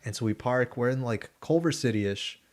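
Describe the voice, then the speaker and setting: A young man co-hosting a podcast, telling a story in casual chat, animated and slipping into voices for the people he quotes. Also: mid-range voice, normal speed. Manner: animated, acts out voices in quotes, laughs often. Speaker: podcast co-host.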